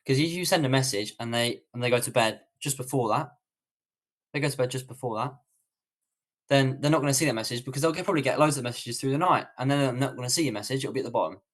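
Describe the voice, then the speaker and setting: A man's voice: medium pitch, fast. Rambling British man coaching on a livestream. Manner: casual, rambling, many fillers and restarts. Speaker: online coach. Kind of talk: livestream Q&A tutorial.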